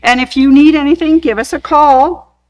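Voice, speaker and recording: High-voiced gushing woman host. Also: normal speed, darkish tone, no room sound, rough recording. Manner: gushing, enthusiastic, tells corny jokes. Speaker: sewing shop live show host. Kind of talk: casual live show chat.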